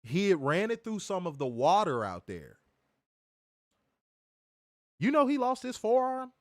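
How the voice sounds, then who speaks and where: Male co-host, casual chat. Lively swings in pitch, profane, acts out quotes. Dry, close sound. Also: measured pace, no echo. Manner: animated, profane storyteller acting out quotes. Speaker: podcast co-host.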